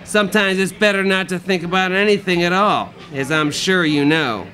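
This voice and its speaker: A man's voice: high-pitched, moderate pace, pushed and bright, pitched above the performer's own voice. A man voicing a pushy, lecturing recovery zealot who talks down to his listener. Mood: preachy. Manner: lecturing, condescending.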